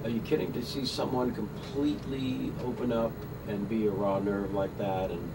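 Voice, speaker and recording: A middle-aged man being interviewed on a radio show, dry and quick-witted, with pauses and fillers. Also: on the low side, level tone, vocal fry, distant mic, heavy background noise. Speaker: guest.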